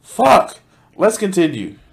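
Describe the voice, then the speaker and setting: Excitable high-pitched man ranting at a video. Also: slow pace, creaky. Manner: animated, profane, interrupting with sudden loud outbursts; reads out donation thanks. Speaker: streamer reacting to a video. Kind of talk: casual reaction commentary.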